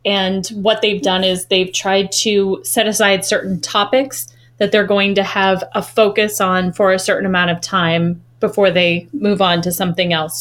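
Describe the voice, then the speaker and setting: A woman's voice: medium pitch, a bit bright. A woman co-hosting a casual podcast, making her point earnestly in long, running phrases. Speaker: podcast co-host.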